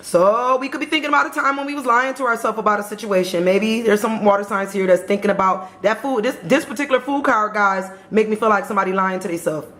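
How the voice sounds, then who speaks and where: A woman's voice: mid-range voice, fast, few pauses, a bit bright, reverberant. A woman giving a casual tarot reading and talking straight to her viewers in a chatty, repetitive way. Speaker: tarot reader.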